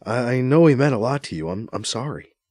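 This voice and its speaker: A man's voice: mid-range voice, animated, a little fast, a little mellow, no room sound, clean studio sound, natural voice. A man as an earnest, fumbling new boss. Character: reluctant man newly put in charge.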